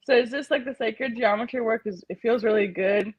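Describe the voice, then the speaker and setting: Giggly chatty woman with a higher voice. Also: fairly quick, breathy edge, highs cut off. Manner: laughs often, chatty and playful; gently guiding, soothing instructions. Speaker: healing facilitator and host. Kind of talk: casual livestream healing session.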